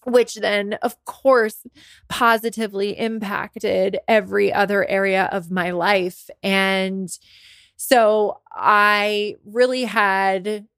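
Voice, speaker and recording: A woman's voice: mid-range voice, steady tone, slow pace, fairly bright tone, no room sound, clean studio sound. Tired, emotional woman telling her story. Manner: candid, emotional, rambling with restarts. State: under the weather, tired. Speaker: podcast host and business coach. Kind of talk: casual personal storytelling.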